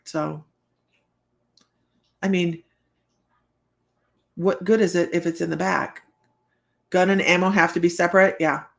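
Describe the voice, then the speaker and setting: A woman's voice: lowish voice, fairly even intonation, a little slow, vocal fry, pauses often. A woman hosting a casual live stream as a psychic reader, telling rambling stories and laughing often. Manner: rambling, chatty, laughs often, many fillers. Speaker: psychic reader and show host.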